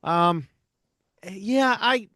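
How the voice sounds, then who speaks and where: Higher-pitched middle-aged man, dry sound. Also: sharp tone, dry recording. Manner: measured and analytical, with frequent "you know" fillers. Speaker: podcast co-host, reality TV commentator. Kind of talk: casual podcast discussion.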